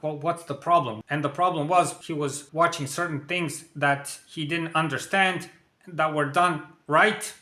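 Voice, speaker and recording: Bright-voiced man telling a story. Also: fairly high pitch. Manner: plain conversational retelling, frequent "you know". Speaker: vlogger. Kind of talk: personal storytelling to camera. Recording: echoey room.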